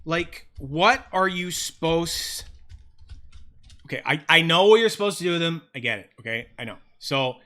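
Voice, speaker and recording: A man chatting casually on a home livestream into a close, sensitive mic, rambling, excitable and swearing freely. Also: fairly high pitch, normal speed. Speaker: fidget toy livestreamer.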